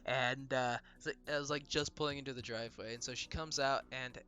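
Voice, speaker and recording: With faint game music underneath, this gameplay commentator, a young man, talks through his session casually, swearing, wandering off topic, and laughing without effort. His mid-range voice stays steady, brisk, pushed, and bright.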